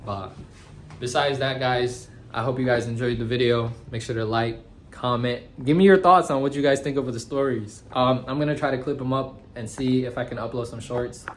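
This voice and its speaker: A young man in his twenties tells shop stories in loose, slangy vlog talk, full of "bro" and "guys." His voice sits at an ordinary middle pitch. A faint hum sits behind him. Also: moderate pace. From United States. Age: 20s. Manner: slangy and animated, says bro and guys a lot. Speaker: tattoo shop owner. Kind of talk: casual storytelling vlog.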